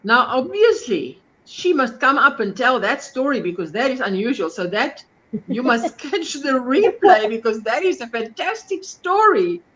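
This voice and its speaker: A woman's voice: high voice, big pitch swings, moderate pace, fairly bright tone, highs cut off, a little hiss or hum. A South African woman hosting a casual live stream, chatting and reading viewer comments aloud. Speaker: crochet live stream host.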